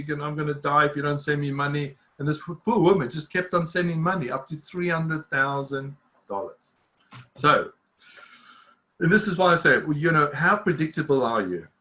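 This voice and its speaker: A man's voice: fairly high pitch, bright, forceful tone. A man in his fifties giving a cybersecurity talk to an online audience, earnest and repetitive, often restarting his sentences. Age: 50s. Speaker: cybersecurity speaker. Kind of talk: live presentation to an online audience.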